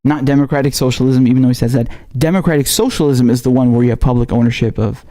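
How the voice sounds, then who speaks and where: Mellow-voiced man hosting a casual livestream. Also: mid-range voice, fairly even intonation, fast talker. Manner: loose and chatty, with slangy asides and self-repetition. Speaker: political commentary livestream host.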